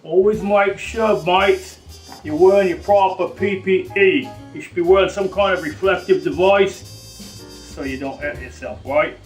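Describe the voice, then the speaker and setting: A man hosts a mock-serious cooking demonstration in a somewhat high voice. He rambles and jokes, dropping slangy asides as he goes. The mic sits well away from him, and faint music plays underneath. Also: normal speed, recorded from a distance. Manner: jokey, rambling, drops slangy "mate" and "bloody". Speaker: cooking show host.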